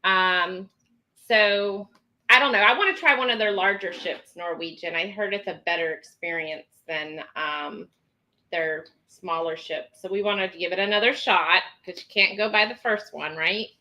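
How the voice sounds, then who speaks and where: A woman's voice: lowish voice, moderate pace, sharp tone, low-quality recording. A woman hosting a casual live stream, chatting and reading viewer comments aloud with many ums.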